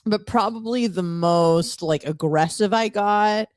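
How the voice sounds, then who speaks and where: A woman from Michigan, co-hosting a casual talk show. She tells her stories with a wry, self-mocking tone. Her voice sits at a middle pitch and sounds dry and close to the mic. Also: unhurried, darkish tone, dry recording. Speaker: podcast co-host. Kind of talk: casual chat.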